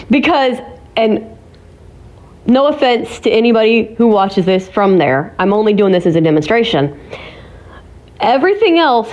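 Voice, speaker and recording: A woman's voice: on the high side, a little mellow, muffled recording. Giggly, teasing woman chatting to viewers. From Ohio, USA. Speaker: vlogger. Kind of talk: casual chat to viewers. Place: home.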